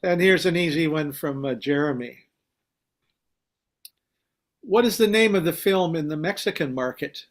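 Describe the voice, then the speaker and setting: Guest quizmaster, male, a touch high, easygoing and amused. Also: moderate pace, pauses often. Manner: easygoing, chuckling. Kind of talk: reading trivia questions.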